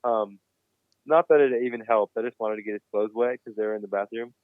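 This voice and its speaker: A man telling a wild story in a casual podcast chat, cursing freely and getting animated. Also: on the low side, fairly quick, no echo. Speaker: podcast guest. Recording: dry, phone-like remote line.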